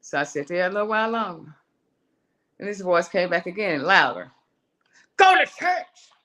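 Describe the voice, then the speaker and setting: A woman, a singer and songwriter, telling a personal story on a live show in a lively way, acting out voices and calling her listener "girl". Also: fairly low pitch, a little fast. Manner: animated, acts out her own voice and inner voices, calls the listener "girl".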